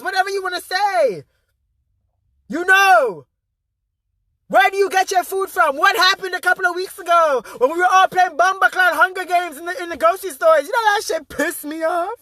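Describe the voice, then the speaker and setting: A man's voice: extremely high pitch, pushed and bright, no echo. A man giving an intense, emphatic motivational vlog monologue, swearing freely and repeating his key phrases for emphasis. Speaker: spiritual motivational speaker.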